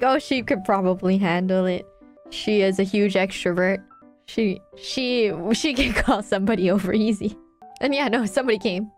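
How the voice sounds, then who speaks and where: A woman streamer chatting casually, telling a rambling, giggly story with many restarts. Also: mid-range voice.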